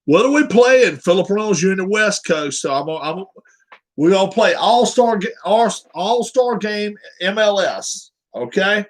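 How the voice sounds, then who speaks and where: A man with a slightly high voice talks casually on a live stream. He rambles and chats with his viewers at an unhurried pace, his pitch swinging up and down. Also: lively intonation, poor audio. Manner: rambling, chatting with viewers while setting up a game.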